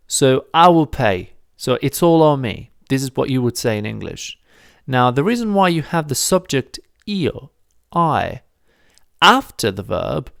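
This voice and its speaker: Gravelly-voiced man teaching grammar. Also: medium pitch, no echo, clean studio sound. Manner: patient, explains step by step, repeats phrases slowly. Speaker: Italian language teacher. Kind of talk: video lesson explaining grammar.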